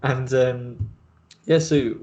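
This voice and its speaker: Male host, mid-pitched, casual and rambling, lots of "like" and "um". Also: steady tone, drawn-out words, warm tone, slight background noise. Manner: rambling, many fillers and restarts. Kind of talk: casual video chat interview.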